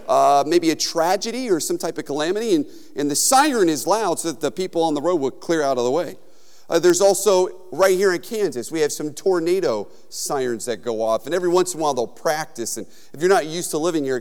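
Male pastor, conversational sermon delivery, smooth tone, reverberant sanctuary. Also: on the high side. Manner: conversational, storytelling, with frequent fillers.

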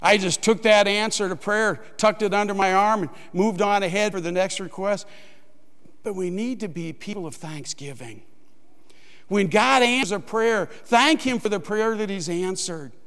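A man with a high voice preaching a sermon in a big hall with a long echo. He tells a personal story with humour and jumps into a shrill, panicked voice whenever he quotes himself. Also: moderate pace, clean tone. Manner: animated, acts out his own panicked voice in quotes. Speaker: pastor.

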